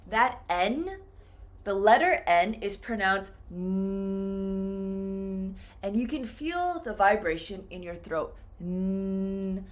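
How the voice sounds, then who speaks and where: A woman teaching an English pronunciation lesson, speaking slowly and modeling example words carefully. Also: medium pitch, sing-song. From United States.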